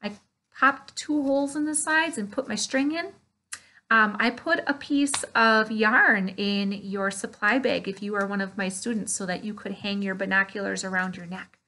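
Lively, bright-voiced woman preschool teacher. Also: mid-range voice. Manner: animated and playful, gasps in delight, speaks to small children. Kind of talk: online preschool Bible lesson.

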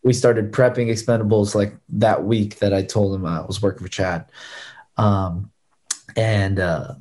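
A man in his thirties, a stunt performer telling stories as a guest in a casual chat, lively and acting out other people's lines. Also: lowish voice, measured pace.

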